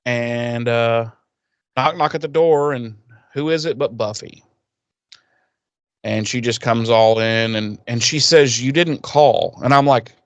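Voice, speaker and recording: A man's voice: medium pitch, a bit bright, clear, resonant tone, no room sound. A man co-hosting a podcast, recapping a TV episode in crude, joking casual chat and acting out the characters' lines. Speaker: podcast co-host.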